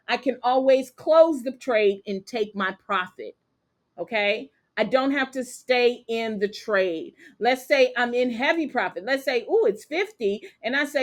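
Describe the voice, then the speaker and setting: A woman's voice: a little high, animated, normal speed. A woman teaching a live online trading class, walking viewers through steps and checking in with "okay?" and "capiche?" as she goes. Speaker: trading instructor.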